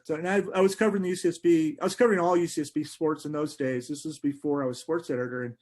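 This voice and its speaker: A middle-aged man, a sports writer, telling animated anecdotes in a podcast interview, laughing often and restarting sentences. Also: a little high, very fast, few pauses.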